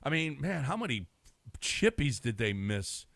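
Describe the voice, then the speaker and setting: A male sports radio co-host with a mid-pitched, easygoing voice that often stops and restarts as he works out his thought. He is close on a studio mic in a dry room. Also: sing-song, unhurried, creaky, fairly bright tone, dry recording. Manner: conversational, chuckling, breaks off and restarts. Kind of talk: casual sports talk.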